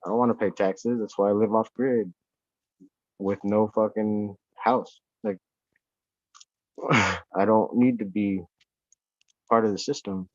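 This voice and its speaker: A man's voice: fairly low pitch, takes it slowly, pauses often, no room sound, dull audio. A man chatting as a podcast guest from an off-grid homestead, rambling and swearing freely. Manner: rambling, profane, excitable. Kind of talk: casual chat.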